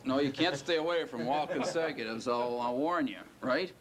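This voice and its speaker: A man's voice: mid-range voice, a crowd in the background. A man teaching a class and lecturing, quizzing students and stretching out the key words. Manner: questioning, drawn-out stressed words. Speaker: Hebrew teacher.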